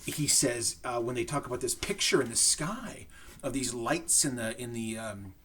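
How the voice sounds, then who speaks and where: A middle-aged man, a high school English teacher giving a recorded lesson to his students in a conversational way, often checking in with "right?". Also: normal speed, bright, forceful tone, a little hiss or hum. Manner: conversational, with frequent "right?" check-ins and restarts.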